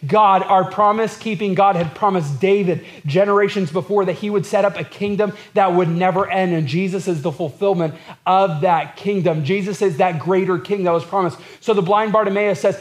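A pastor delivers his sermon in a fairly high voice. He is earnest and repeats phrases to build his point. He acts out the words of the people in the text. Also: fairly even intonation, moderate pace. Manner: earnest, repetitive preaching with acted-out quotes.

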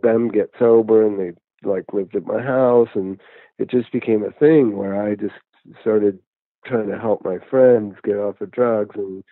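A man's voice: on the low side, steady tone, a little slow, no room sound. Man talking over a tinny phone line. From United States. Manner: rambling, conversational storytelling with many restarts. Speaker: guest, addiction counselor and musician. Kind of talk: casual interview over phone. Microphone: phone call.

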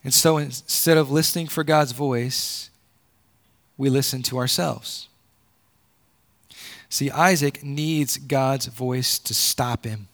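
Speaking slowly and pausing often, a man preaches as pastor, using repetition to build his argument. His delivery alternates between loud, emphatic highs and quiet, low lows.

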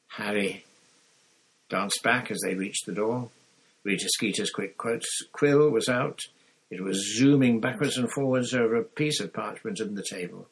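Brief: low-voiced male audiobook reader, husky, rough and grainy. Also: rough recording. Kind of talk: reading a novel aloud.

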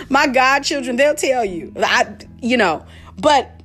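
Animated woman teaching scripture. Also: high-pitched, a little slow, soft background music. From Detroit, USA. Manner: animated, laughing, slangy storytelling. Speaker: podcast host. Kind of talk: casual Bible teaching.

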